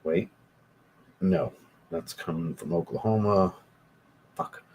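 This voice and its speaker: A young man with a low, slow, slightly mellow and husky voice hosts a casual livestream as a fragrance reviewer. He reads viewer comments aloud, rambling and swearing as he gets worked up.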